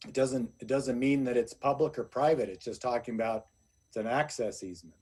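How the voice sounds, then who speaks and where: A man's voice: medium pitch, brisk, a little mellow, breathy edge. Rambling man at a planning meeting. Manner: rambling, many fillers. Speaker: planning commissioner. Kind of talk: meeting discussion.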